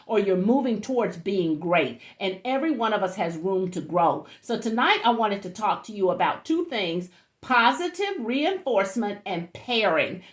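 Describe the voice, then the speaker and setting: A woman's voice: medium pitch, roomy sound. A woman coaching a group of parents, straight to the point and encouraging. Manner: straight to the point, encouraging, leads call-and-response icebreaker. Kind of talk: workshop talk to parents.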